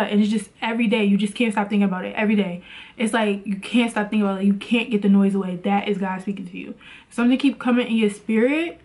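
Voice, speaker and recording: A woman's voice: mid-range voice, steady tone, a little fast, darkish tone. A woman vlogging in a casual motivational talk about faith, chatty and preachy, with lots of "like".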